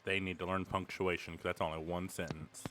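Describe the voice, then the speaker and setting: A man playing a tabletop game, tossing in quick, joking asides. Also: low-pitched, little pitch movement, fairly bright tone, a little hiss or hum. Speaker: player. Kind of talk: tabletop game play, casual.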